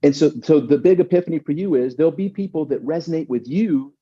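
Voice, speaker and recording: A man on the higher side of pitch, with a warm but slightly rough tone, talks fast as a guest in a conversational interview. He tells stories emphatically and repeats words as he goes. The lo-fi recording sounds dull.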